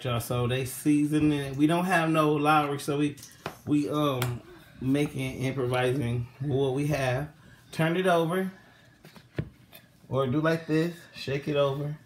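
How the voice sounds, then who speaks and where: A man's voice: medium pitch, steady tone, a little slow. Man, casual home-kitchen vlogger, mid voice, encouraging coach tone, light background noise. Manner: coaxing, patient, calls out directions. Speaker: vlogger teaching kids to cook. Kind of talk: casual vlog instruction.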